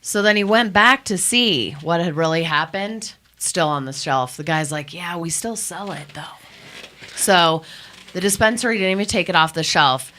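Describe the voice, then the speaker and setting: A woman's voice: on the low side, expressive, normal speed, bright, forceful tone. A woman who runs a cannabis testing lab, speaking emphatically and with indignation as a guest on a radio talk show. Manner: emphatic, indignant, storytelling with quoted voices. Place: radio studio.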